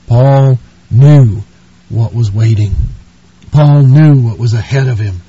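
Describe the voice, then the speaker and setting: A man's voice: mid-range voice, takes it slowly, warm tone, husky, dry recording. A man preaching a sermon in an earnest, pleading way, speaking to the listener as a friend, on a dull lo-fi recording.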